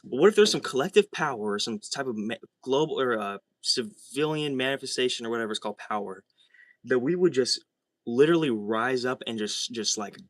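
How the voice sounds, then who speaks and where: A young man rambles excitedly on a livestream from a small room. His voice sits in an ordinary middle pitch, and the sound is very dry and close. He piles up fillers and restarts as he gets carried away. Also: brisk, dry recording. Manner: excitable, rambling, heavy swearing and filler words.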